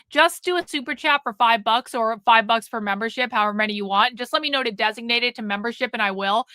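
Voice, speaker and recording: A high, bright-voiced woman hosts a live stream, talking casually and bluntly to her chat with plenty of swearing. Her voice sits close and dry, with no room sound around it. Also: no echo. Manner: profane, blunt, nags the chat.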